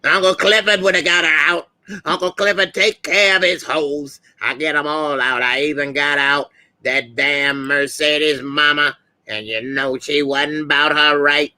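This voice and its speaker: A man doing a loud sassy club owner. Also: fairly high pitch, fairly even intonation, unhurried, smooth. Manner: loud, sassy, big delivery. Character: flamboyant loud strip club owner, adult.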